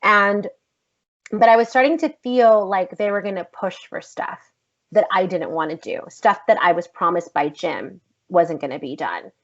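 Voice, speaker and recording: A woman actress telling a story in a casual podcast interview, animated and emphatic, swearing freely. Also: lowish voice, moderate pace. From United States. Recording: slightly dull lo-fi podcast audio.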